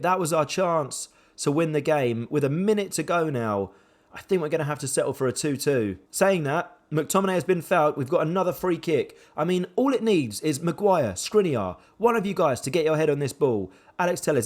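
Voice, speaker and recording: A young man commentates a football management game from his own save, calling the action in a fairly high voice. He talks with animated swings between excitement and dejection, quick to exclaim and quick to deflate. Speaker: gaming YouTuber.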